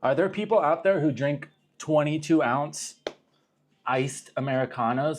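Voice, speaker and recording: A man's voice: on the high side, a little slow. Rambling, swearing young man from Arizona. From Arizona, USA. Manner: rambling, profane, self-interrupting. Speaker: livestream host. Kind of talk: casual livestream chat.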